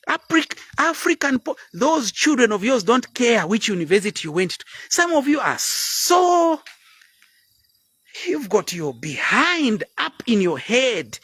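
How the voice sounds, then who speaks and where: A man in his fifties preaches bluntly in a live motivational talk. His pitch swings all over the place as he pushes his point. The sound is close and dry, with no room around it. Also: slightly rough, dry recording. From Zambia. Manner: blunt, preachy, drops into sudden quiet asides. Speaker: motivational speaker.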